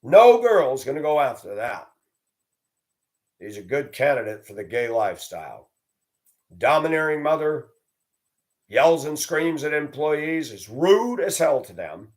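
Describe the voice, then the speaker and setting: A man's voice: a little high, big pitch swings, measured pace, pauses often. A man hosting his own video, delivering a blunt, combative, profane rant and mocking others in a raised voice. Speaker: video host. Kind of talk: ranting monologue.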